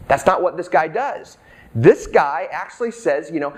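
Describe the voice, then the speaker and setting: A man's voice: fairly high pitch, expressive, normal speed. A middle-aged male pastor preaching a sermon in a conversational way, acting out the characters' lines.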